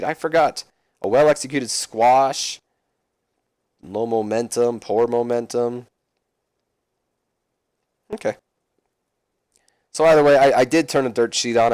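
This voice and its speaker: A man's voice: medium pitch, darkish tone, no room sound. A man casually talking through a wrestling management game, chatty with self-mocking asides. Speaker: let's play host.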